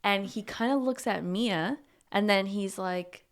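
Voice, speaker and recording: A young woman co-hosting a podcast, casually retelling a horror movie plot with lively acted-out lines and casual swearing. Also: mid-range voice, measured pace. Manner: animated storytelling, acting out lines, swears casually. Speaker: podcast co-host.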